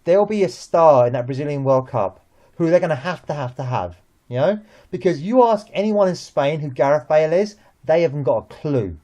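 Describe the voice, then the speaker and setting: A British man co-hosting a casual football chat, animated and often repeating words as he gets going. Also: fairly high pitch, a little fast. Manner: animated, repeats himself when excited. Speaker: co-host.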